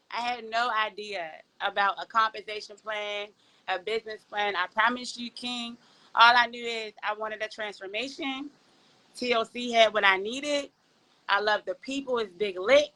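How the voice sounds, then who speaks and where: Pittsburgh-accented woman, podcast guest, bright and animated, a bit high, over a video call. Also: low-quality recording. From Pittsburgh, Pennsylvania. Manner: animated, talks to the audience as y'all, folksy. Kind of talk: casual testimonial chat.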